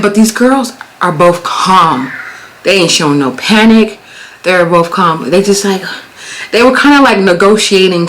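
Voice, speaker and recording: A young adult woman vlogger telling a dramatic story and acting out the quotes loudly. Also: mid-range voice. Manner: expressive, acts out quotes loudly with cursing. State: pregnant. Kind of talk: animated storytime.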